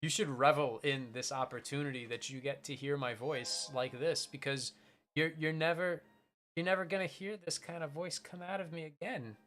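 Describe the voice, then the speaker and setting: A man's voice: fairly high pitch, fairly even intonation, moderate pace, a bit bright. A man streaming, chatting casually and telling a rambling story with many restarts. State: voice changed by a bite on the throat.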